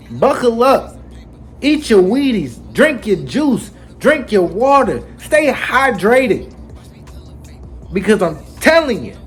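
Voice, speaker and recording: A man hosting a casual anime chapter recap, telling it with lively slang and acting out the characters. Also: high voice. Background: faint background music.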